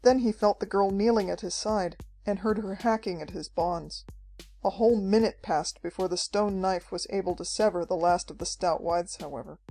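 A woman narrating an adventure story as an audiobook, reading at a steady, measured pace. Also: mid-range voice. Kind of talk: scripted narration. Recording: faint background music.

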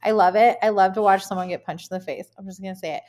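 Woman, 30s, podcast co-host; frank, animated, casual talk with swearing. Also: mid-range voice, fast talker. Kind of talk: candid casual chat.

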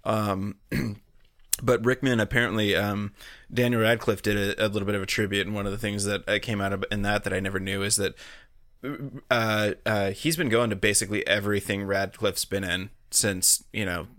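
A man co-hosting a podcast, telling stories in a rambling, halting way. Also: on the low side, fairly even intonation, fairly bright tone, no echo, studio quality. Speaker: podcast co-host. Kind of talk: casual podcast chat.

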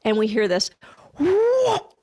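A fairly high-voiced woman co-hosts a casual podcast chat, telling animated stories as a realtor. The sound is close and dry. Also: normal speed, no room sound. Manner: animated, acts out quoted voices.

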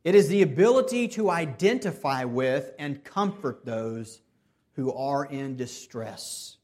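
A man preaching a sermon earnestly, with restarts and repeated phrases, swinging between loud emphasis and soft, hushed stretches. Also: medium pitch, unhurried. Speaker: pastor.

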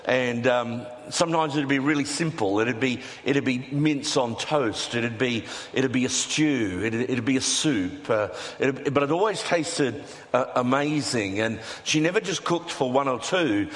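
A man's voice: medium pitch, animated, a little slow, hardly any pauses. Male pastor in reverberant hall. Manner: conversational, playful asides to the congregation. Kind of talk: sermon.

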